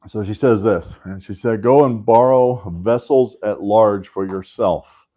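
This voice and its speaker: A man's voice: lowish voice, unhurried, mellow. A man teaching a Sunday school class in a casual, conversational way, tossing in joking asides and often checking in with "right?".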